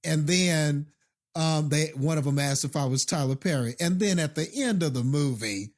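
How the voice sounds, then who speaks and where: A man co-hosting a film podcast, rambling excitedly in casual chat. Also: a little high, normal speed. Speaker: podcast co-host.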